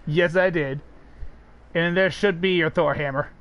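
A man's voice: on the high side, fairly even intonation, a little slow, a bit bright. A man streaming a co-op game, chatting casually, teasing and swearing as he plays. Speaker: streamer playing co-op. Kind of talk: casual live gaming chat.

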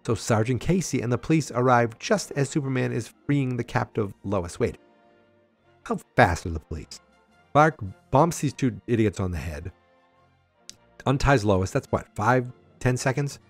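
A man hosting a casual podcast, recapping an old comic book, acting out lines in quick voices with chatty asides. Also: mid-range voice, soft background music. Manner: animated, acts out character lines with voices, asides and fillers. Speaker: podcast host.

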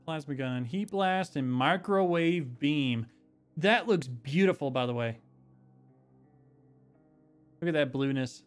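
A man with a slightly raised voice chats through a game session in a casual, joking way. He breaks into excited exclamations now and then. Loud game music plays behind him throughout. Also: fairly high pitch, slow, pauses often. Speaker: let's play streamer. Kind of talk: casual gameplay commentary. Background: game soundtrack and sound effects.

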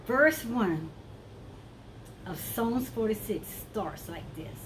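A woman preaches with a high voice, and she takes her time over every phrase. She is fervent and circles back to repeat lines for weight. Faint hiss sits under her voice. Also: animated, slow pace, long pauses, low-quality recording. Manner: fervent, repeats phrases for emphasis, exclaims "woo". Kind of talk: sermon.

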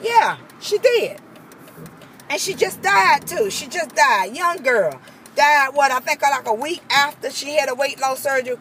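A woman vents in a heated, repetitive rant, her voice sitting high. Steady traffic noise rumbles clearly behind her outdoor recording. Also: moderate pace. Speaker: vlogger. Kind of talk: angry personal rant.

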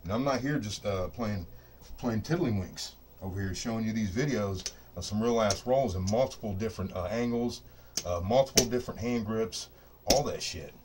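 A man's voice: lowish voice, moderate pace, background noise. A middle-aged man hosting a craps video, ranting casually and profanely to camera in his home studio, boastful and fired up and leaning on "you know what I mean". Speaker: craps dice-control video host. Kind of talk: casual unscripted rant to camera. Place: home studio set up for dice rolling.

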